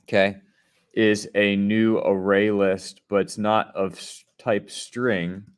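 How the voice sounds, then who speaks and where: A man's voice: on the low side, little pitch movement, takes it slowly, clear, resonant tone. A man teaching a coding lesson, explaining step by step and checking in with his students as he goes. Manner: step-by-step explaining, often checking in with "right?" and "okay?". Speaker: programming teacher. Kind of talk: screen-share coding lesson.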